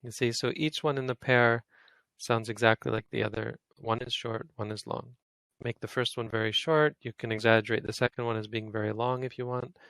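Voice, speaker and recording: A man's voice: mid-range voice, level tone, fairly quick, creaky, a bit bright, clean tone, no room sound, rough recording. A man teaching an online language class, patiently saying vowel sounds aloud over and over for his students to copy. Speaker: Pali teacher. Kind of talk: online language lesson, demonstrating pronunciation.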